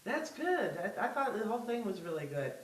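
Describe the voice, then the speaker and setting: A woman's voice: on the high side, big pitch swings, a little fast, roomy sound, recorded from a distance, rough recording. A woman music teacher coaching a student in a masterclass, patient and giving step-by-step instructions over a video call.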